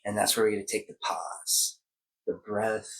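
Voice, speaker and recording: A man's voice: fairly low pitch, steady tone, moderate pace, poor audio. A man in casual wellness chat who explains ideas step by step in an encouraging way.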